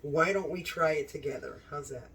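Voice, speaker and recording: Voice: mid-range voice, moderate pace, fairly bright tone, recorded from a distance, slight background noise. A home cooking channel host in a casual cooking vlog, gushing with enthusiasm about the food, recorded in a home kitchen.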